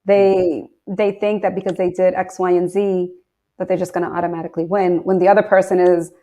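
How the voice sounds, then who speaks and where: A woman's voice: lowish voice, level tone, fairly quick, dark tone. A woman hosting an interview, curious, asking long and winding questions of her guest. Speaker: podcast host.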